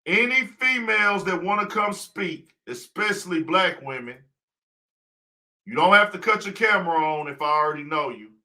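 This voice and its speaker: Expressive and sharp in tone, this man's voice sits high and moves at a moderate pace. Hosting a casual livestream talk show as a podcaster, he drives his argument home by posing rhetorical questions and answering them.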